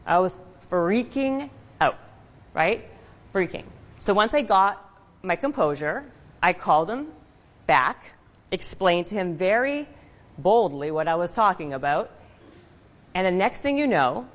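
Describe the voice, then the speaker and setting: A woman's voice: lowish voice, unhurried, pauses often, long reverb tail. Woman telling a punchy story on stage. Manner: lively, punchy storytelling with rhetorical questions. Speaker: speaker giving a stage talk. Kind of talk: storytelling keynote talk.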